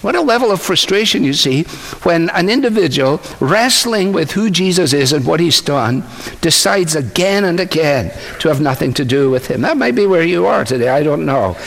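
A man's voice: a little high, animated, normal speed, vocal fry, fairly bright tone. A man preaching a sermon, explaining a passage in a conversational way with asides to his listeners. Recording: long hall reverb.

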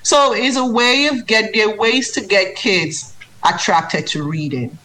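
A woman's voice: mid-range voice, unhurried, a little hiss or hum, rough recording. A woman who writes children's books and tutors maths, answering interview questions in an earnest, emphatic way. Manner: earnest, emphatic, lively when mimicking reading aloud.

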